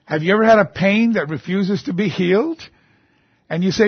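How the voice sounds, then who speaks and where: A man's voice: high-pitched, moderate pace, slightly rough, dry recording, muffled recording. A man preaching a sermon, reading scripture aloud and rising into emphatic outbursts.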